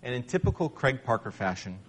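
A man's voice: mid-range voice, big pitch swings, a little fast, a little hiss or hum. A man giving a storytelling talk in front of an audience, sharing a personal testimony in a conversational, wry, self-deprecating way.

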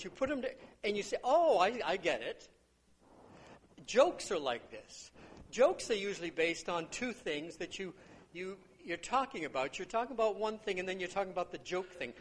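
Lively high-voiced older man preaching. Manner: conversational storytelling with acted-out quotes. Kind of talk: sermon teaching on a parable.

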